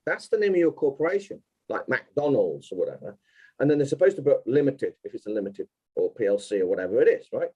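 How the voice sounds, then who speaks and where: A man's voice: medium pitch, big pitch swings, fast talker, slightly rough, muffled recording. A man speaking as an interview guest, explaining insistently and step by step.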